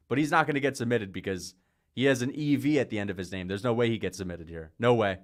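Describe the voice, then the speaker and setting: A man hosting a casual livestream, chatting and calling fights, rambling from topic to topic, laughing often and getting excited at big moments. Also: fairly low pitch, quick pace. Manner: rambling, jumps between topics; laughs often mid-sentence. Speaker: livestream host.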